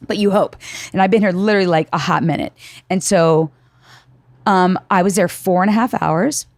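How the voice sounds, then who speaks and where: Lowish-voiced woman in her 40s, salty animated storyteller, dry close mic. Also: normal speed, dry recording. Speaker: podcast guest. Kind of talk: casual chat.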